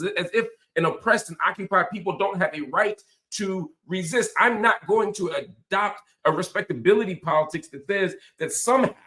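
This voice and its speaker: A man's voice: high-pitched, sharp tone, echoey room. A man hosting a show, delivering an impassioned, emphatic political commentary monologue. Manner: impassioned, emphatic, repetitive rhetorical. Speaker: host.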